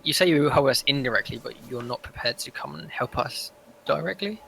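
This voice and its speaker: Player guy, bright sharp voice, playful and pushy, bit of hiss. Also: mid-range voice, lively intonation, a little fast, gravelly, rough recording. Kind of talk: in-character tabletop role-play.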